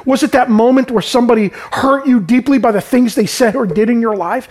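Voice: mid-range voice, fairly quick, hardly any pauses, a little mellow. A pastor preaching a sermon with urgency, repeating key lines and calling on the listeners to respond.

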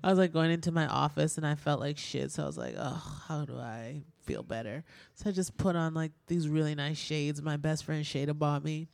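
A woman's voice: low voice, level tone, a little fast, gravelly, hardly any pauses, a little mellow, no echo. Candid, swearing woman radio host. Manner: candid, swears freely, lots of "like". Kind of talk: casual radio chat. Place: radio studio.

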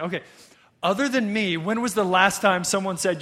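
A man preaching a sermon to his congregation, conversational and animated, often checking in with "right?" and "okay?". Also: high voice, brisk. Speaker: pastor.

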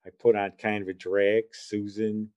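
A man's voice: on the low side, little pitch movement, moderate pace, a little mellow. A man, rambling through a casual spoken memory and repeating himself. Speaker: storyteller. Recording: dull lo-fi recording.

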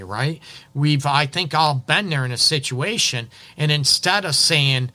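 A man's voice: medium pitch, normal speed, pushed and bright. A man hosting a relationship advice show, talking casually and often checking in with "right?". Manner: chatty, repeats "right?", acts out little quotes. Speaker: relationship counselor and show host.

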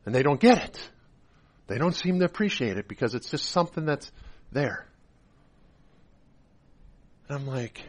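A man preaching a sermon as pastor, moving from quiet, conversational storytelling to loud, impassioned preaching with repeated phrases. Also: a little high, big pitch swings, moderate pace, long pauses.

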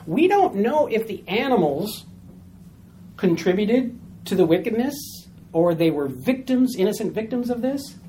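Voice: mid-range voice, sing-song, measured pace, warm tone, a little hiss or hum. A Bible study teacher explaining a passage step by step to a small group, repeating key points and often asking "all right?" to check in.

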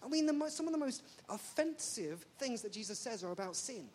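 A woman's voice: fairly high pitch, brisk. A woman delivers a sermon, her voice leaping up and down as she jokes. She keeps tossing rhetorical questions at her listeners. A faint hiss sits under her voice. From England. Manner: animated, jokey, full of rhetorical questions. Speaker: preacher.

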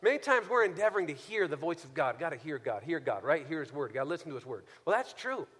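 A man preaching a sermon as pastor, swinging from soft, low passages to shouted exhortation. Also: big pitch swings, quick pace, breathy edge. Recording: long hall reverb.

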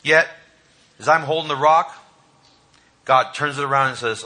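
Bright-voiced male preacher. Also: medium pitch, normal speed. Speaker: pastor. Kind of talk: sermon. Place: church hall.

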